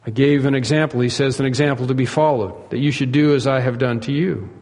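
A man preaching a sermon, emphatic, rising to loud peaks and dropping to hushed asides. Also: mid-range voice, steady tone, fast, in a large hall. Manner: emphatic, swings between soaring and hushed. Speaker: pastor.

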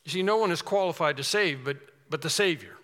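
A man's voice: fairly high pitch, brisk, fairly bright tone, long reverb tail. A man preaching a sermon in an earnest, emphatic way, repeating key phrases for stress.

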